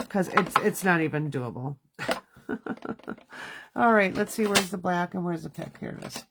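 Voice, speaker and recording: This card-making livestream host, a woman in her thirties working from her home studio, chats casually and talks to herself as she goes. She speaks unhurriedly in a fairly low voice with lively intonation, and there's background noise.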